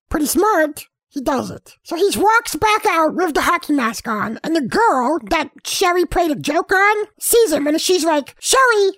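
High-voiced woman goofily retelling a story. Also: expressive, measured pace, few pauses, fairly bright tone, dry recording. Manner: rambling, goofy, acts out characters. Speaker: storyteller recapping a film. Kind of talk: comedic retelling with silly voices.

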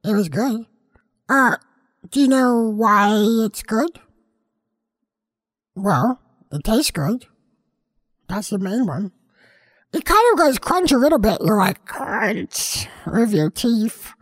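Woman voicing a distractible house cat in a comic monologue, high-pitched, meandering and self-interrupting. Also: big pitch swings, slow, long pauses, husky, heavily acted. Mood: rambling.

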